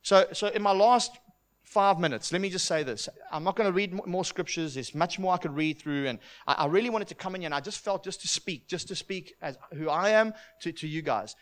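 A man's voice: high-pitched, brisk. A middle-aged man preaching a sermon in an earnest, heartfelt way, often repeating words as he starts a thought.

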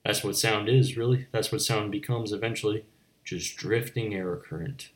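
A man's voice: on the low side, fairly even intonation, normal speed. A man delivering a rambling, absurdist comic monologue to the camera, wandering between mock-philosophical musings and stammering restarts. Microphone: on camera, speaking to viewers.

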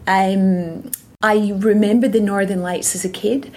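A woman's voice: medium pitch, steady tone, unhurried, a little mellow, slight background noise. A Scottish woman in a casual interview, reflective and rambling, with frequent ums and restarts. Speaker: interview guest.

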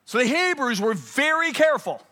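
A male preacher delivering a sermon, swinging between loud urgent peaks and hushed, low passages. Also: big pitch swings, fairly quick.

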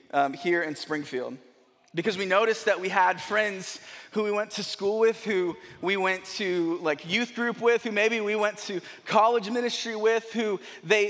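A young man preaching, telling a rambling, animated story with many restarts. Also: high voice. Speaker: pastor. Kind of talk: sermon storytelling. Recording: long hall reverb.

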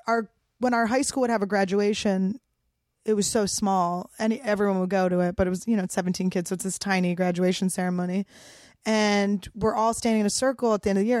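A woman's voice: medium pitch, darkish tone, no echo, clean studio sound. A woman from Philadelphia, a comedian, telling a wild story in a casual, profane way. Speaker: comedian guest.

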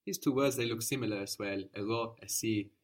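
A man's voice: fairly low pitch, a little fast. A man teaching a language lesson, explaining step by step and repeating the learner's answers patiently.

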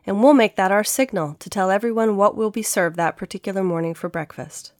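A woman's voice: mid-range voice, fairly quick, no echo, studio quality, lightly acted. A woman voicing a good-natured ranch cook. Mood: welcoming. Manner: warm, welcoming. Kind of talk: storybook narration.

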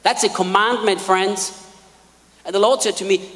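A man preaching a sermon in a large hall, emphatic, repeating key lines and swinging between quiet asides and loud peaks. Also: sits high, steady tone, moderate pace, pauses often. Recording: long hall reverb.

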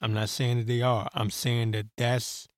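On his solo political podcast, the host talks at a moderate pace in a flat, medium-pitched male voice. His commentary wanders and grows heated, packed with swearing and fillers. There's no room sound, just clean studio audio.

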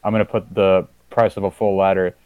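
A man's voice: low-pitched, little pitch movement, fairly quick, clean tone, no room sound, narrow, tinny audio. A man playing a tabletop game, laid-back and a bit hesitant. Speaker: player. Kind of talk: casual tabletop play.

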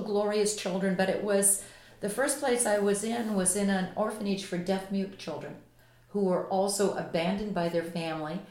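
A woman guest on a podcast tells her stories with deep passion, and her words build in vivid detail. Her voice sits at an ordinary middle pitch. The recording picks up a clear echo from the room. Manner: impassioned, vivid anecdotal storyteller. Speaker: author and empathy expert guest. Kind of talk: podcast interview storytelling.

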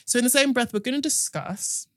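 A British woman hosting a podcast, telling stories and giving opinions in an animated, casual way. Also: a little high, a little fast, no room sound, studio quality. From United Kingdom. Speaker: podcast host.

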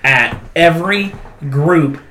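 A man's voice: on the high side, slow pace, background noise. A man hosting a casual pop culture podcast, telling stories animatedly and mimicking comedians' lines. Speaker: podcast host.

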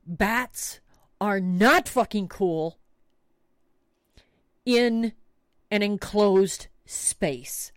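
A woman's voice: mid-range voice, very slow, pauses often, smooth, no room sound, clean studio sound. A middle-aged woman host telling a comic story with frequent swearing and dramatic emphasis. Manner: animated, swears freely, dramatic retelling. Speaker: podcast host.

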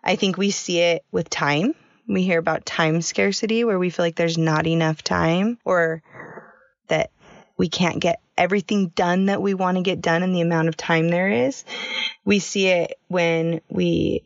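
A woman's voice: lowish voice, fairly even intonation, normal speed, vocal fry, no room sound, lo-fi sound. A woman in her thirties co-hosting a podcast, telling a personal story in a chatty way and laughing often. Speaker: podcast co-host. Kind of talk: casual podcast chat.

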